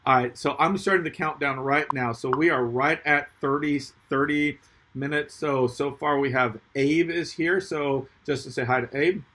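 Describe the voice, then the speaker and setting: A man's voice: on the high side, fairly even intonation, moderate pace, pushed and bright. A man, a pastor, hosting a casual live-stream chat, upbeat and laughing often, with plenty of ums.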